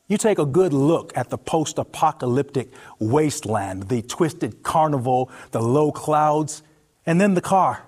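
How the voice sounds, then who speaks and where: A man narrating a story in the second person, in an expressive, intimate, vivid way. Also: on the high side, a little slow.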